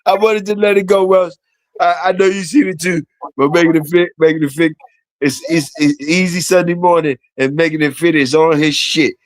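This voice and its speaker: A man's voice: on the high side, fairly even intonation, fairly quick, no room sound. A man hosting a casual livestream, talking in slangy, profane, repetitive banter to his chat and guests. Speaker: livestream host.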